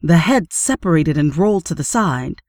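A woman reading a horror story aloud in steady, measured audiobook narration. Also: deep voice, no room sound, clean studio sound.

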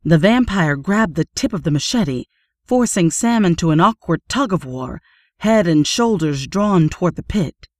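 Measured woman narrating, low and dry. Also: dry recording. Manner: steady, measured reading. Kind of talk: audiobook narration.

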